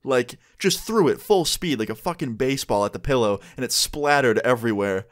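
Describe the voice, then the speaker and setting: A man's voice: medium pitch, lively intonation, a little fast. A young man in his twenties, chatty and candid, casually swearing as he tells a storytime vlog. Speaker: vlogger.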